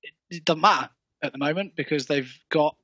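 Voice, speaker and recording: Bright-voiced man breaking down a team. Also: a little high, fairly quick, creaky, slightly rough, no echo. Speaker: podcast co-host. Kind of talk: casual sports chat. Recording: dull lo-fi sound.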